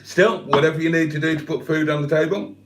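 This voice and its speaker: This older livestream host talks fast in a slightly high voice with fairly even intonation, and the sound is reverberant. Reading out viewers' comments in a casual live chat, he keeps up jokey, self-deprecating banter.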